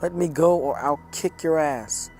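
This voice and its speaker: A man voicing a captive adult man who shouts angry threats and pleads. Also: on the high side, a little slow, faint music behind, lightly acted. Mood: threatening.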